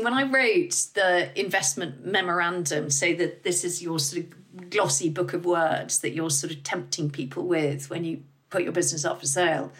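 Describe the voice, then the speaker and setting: A middle-aged woman, a business founder guesting on an interview, talking candidly and lively and swearing freely. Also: lowish voice. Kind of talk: casual interview talk.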